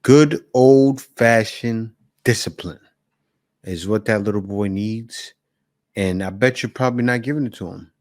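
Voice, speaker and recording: A man's voice: lowish voice, measured pace, darkish tone. A man hosting a reaction video, giving blunt, preachy commentary. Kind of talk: casual commentary.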